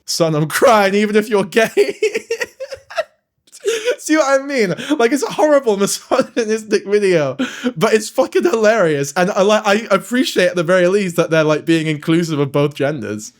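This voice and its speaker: A man's voice: sits high, expressive, moderate pace. A man giving casual reaction commentary, swearing and laughing often. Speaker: streamer reacting to videos.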